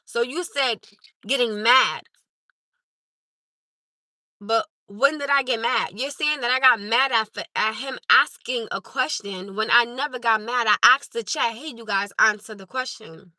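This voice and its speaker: Bright high-voiced woman livestreamer. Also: unhurried, no room sound. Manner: emphatic, insistent, repeats points. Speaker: livestream host. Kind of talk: live stream chat with viewers.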